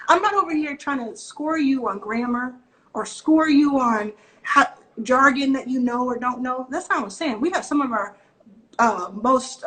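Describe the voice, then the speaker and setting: A woman from the Southern US with a Southern accent, an investor giving direct, animated advice on a video call and acting out quotes from people. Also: high voice, low-quality recording. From Southern US (Texas and Mississippi). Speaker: venture capital investor, guest. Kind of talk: casual video-call interview.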